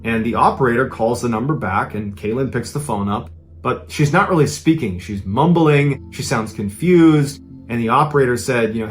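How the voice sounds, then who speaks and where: A man's voice: medium pitch, lively intonation, normal speed, faint music behind. A man hosting a podcast, telling a true-crime story in a casual, conversational way. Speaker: podcast host.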